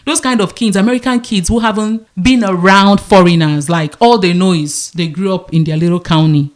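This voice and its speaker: A woman's voice: lowish voice, normal speed. A woman in her thirties from Nigeria with a Nigerian accent, co-hosting a podcast and telling stories in casual chat, slipping into Pidgin. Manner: animated storyteller, mixes in Nigerian Pidgin. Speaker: podcast co-host.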